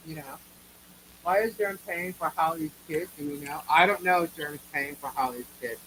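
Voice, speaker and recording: A woman's voice: deep voice, moderate pace, fairly bright tone, slight background noise, low-quality recording. A woman with a New York accent co-hosting a live chat, blunt and opinionated, swearing casually as she answers viewers. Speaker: livestream co-host.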